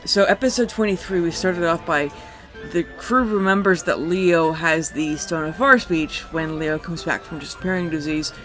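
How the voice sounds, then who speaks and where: A man's voice: a little high, moderate pace, pushed and bright, faint music behind, poor audio. Rambling man recapping a tabletop game. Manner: rambling, with fillers and restarts. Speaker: game master recapping the sessions.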